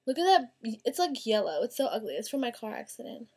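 A young woman with a slightly high voice talks chattily about her purchases, gushing and drawing out her words. Her casual vlog tone stays bubbly. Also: sing-song, quick pace, vocal fry, a little mellow, slightly rough. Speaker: vlogger. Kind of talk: casual haul video chat.

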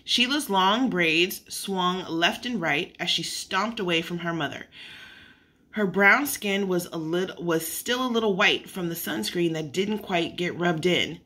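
A woman's voice: on the low side, a little slow, bright, forceful tone. A woman reading a children's story aloud, unpolished, with occasional slips and self-corrections. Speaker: narrator.

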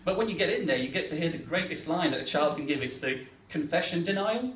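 English comedian doing stand-up, lively high voice, echoey room, sounds far off. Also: male voice, quick pace. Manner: animated, acts out the characters.

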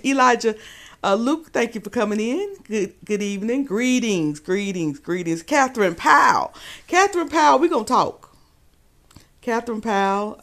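A woman hosting a live stream, gossiping about a clip and greeting viewers by name. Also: medium pitch. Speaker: livestream host. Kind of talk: casual commentary on a live stream.

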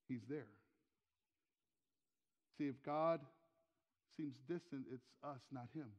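A man's voice: mid-range voice, slow, long pauses, big-room sound. Older guy pastor preaching, chatty, lots of questions, repeats himself, muffled lo-fi church sound. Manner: conversational, rhetorical questions, repeats key phrases. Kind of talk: sermon. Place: church sanctuary.

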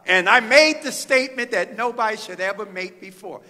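A middle-aged Midwestern pastor delivers a fervent sermon in a church sanctuary, drawing out his phrases and pausing. His voice is high, pushed, and bright, echoing through a reverberant church hall.

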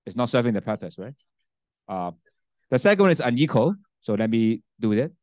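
A man's voice: mid-range voice, very animated, brisk, darkish tone, no room sound. A man teaching a university class and demonstrating a spreadsheet, often checking in with "okay?" and "right?" and restarting sentences. His first language is Cantonese. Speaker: university lecturer. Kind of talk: classroom lecture with software demo. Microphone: handheld mic, sometimes set down.

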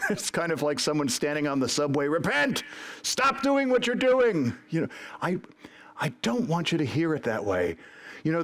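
A man delivers a sermon from the pulpit of an online church service. He preaches earnestly, driving points home with emphasis and slipping into acted prayers and quoted voices. His voice sits a bit higher than most men's.

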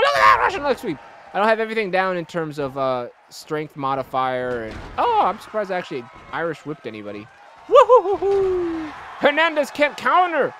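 Man, high and bright, commentating a game with big yells, wildly swinging pitch. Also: slight background noise. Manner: excitable, shouting, swearing. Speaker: gamer. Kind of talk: let's-play commentary.

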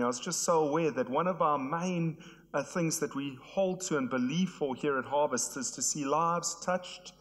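A hoarse man, preaching an earnest sermon to his church. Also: on the high side, fairly bright tone. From South Africa. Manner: earnest, repetitive emphatic phrasing. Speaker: pastor. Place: church hall. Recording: long hall reverb.

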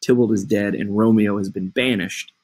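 Man reading as a torn young heroine, husky, low, flat delivery, read from a play. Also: moderate pace. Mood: anguished. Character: young woman, lovestruck and torn.

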